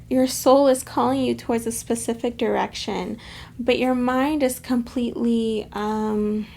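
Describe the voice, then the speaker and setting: A woman giving a casual pick-a-card tarot reading to camera, chatty and affectionate, addressing her viewers warmly. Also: fairly high pitch, creaky. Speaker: tarot reader.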